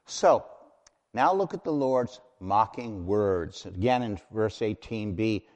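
A man's voice: fairly low pitch, expressive, lo-fi sound. Emphatic male preacher in a reverberant hall. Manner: emphatic, builds to loud declarations, slow spelling. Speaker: pastor. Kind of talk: sermon.

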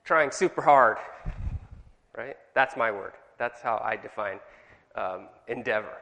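A man's voice: medium pitch, normal speed, creaky, bright, forceful tone, in a large hall. A man with a Californian accent leading a church Bible study group, chatty and firing questions at the group.

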